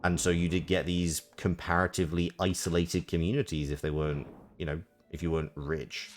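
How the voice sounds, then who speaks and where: A man's voice: deep voice, level tone, fairly quick. A man streaming a game, rambling in a self-mocking way as he comments on it.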